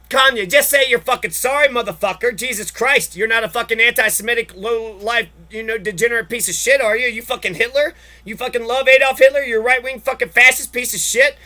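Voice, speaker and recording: Very high-voiced, sharp-toned ranting man. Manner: heavy swearing, exasperated ranting. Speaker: podcast host. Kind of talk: profane political rant.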